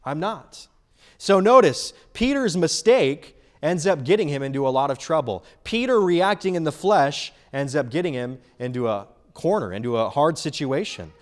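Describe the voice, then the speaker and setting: A man's voice: on the high side, normal speed, hardly any pauses. Emphatic man preaching a sermon. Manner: animated, emphatic, repeats key phrases.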